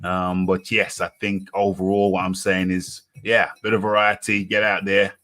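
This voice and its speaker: A man hosting a boxing talk show, speaking in a slow, halting way and often repeating himself. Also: low voice, completely flat delivery, fairly bright tone. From United Kingdom. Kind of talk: casual boxing chat.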